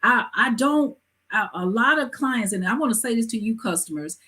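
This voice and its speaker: A woman hosting a live talk show, giving hair-care advice in a lively, preachy way with emphatic asides. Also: fairly high pitch, moderate pace, breathy edge. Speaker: host.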